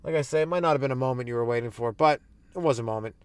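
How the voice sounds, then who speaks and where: A man's voice: medium pitch, very fast, clear, resonant tone, dry recording. A man hosting a podcast as a stand-up comedian, riffing crudely and rambling through jokes in a casual monologue.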